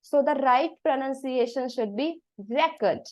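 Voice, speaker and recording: A woman with an Indian accent, speaking as an English trainer. Her voice sits a little high, and she explains points patiently step by step. She mixes Hindi phrases into her English. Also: animated, normal speed.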